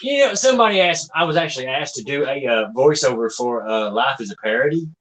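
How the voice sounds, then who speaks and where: A man's voice: medium pitch, expressive, fast talker, a bit bright. A man with a Southern US accent in a casual chat, telling stories in an easygoing way.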